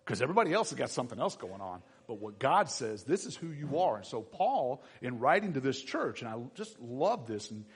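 A man preaching a sermon to his church, animated and acting out the voices of everyday people. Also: medium pitch, fairly quick, hardly any pauses, slightly rough. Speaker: pastor. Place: church sanctuary. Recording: long reverb in a church hall.

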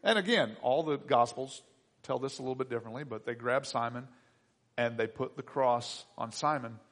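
A man preaching a sermon as pastor, moving between hushed reflection and loud, excited bursts. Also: medium pitch, normal speed. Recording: long hall reverb.

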